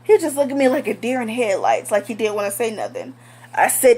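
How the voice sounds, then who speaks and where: A woman's voice: on the high side, very animated, a little fast, darkish tone, slightly rough. A young woman telling a storytime vlog in a blunt, heated, profane way. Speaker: vlogger.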